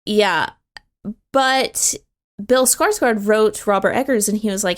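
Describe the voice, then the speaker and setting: A woman's voice: medium pitch, slow pace. A woman co-hosting a podcast in casual chat, slangy, calling her co-host dude and bro.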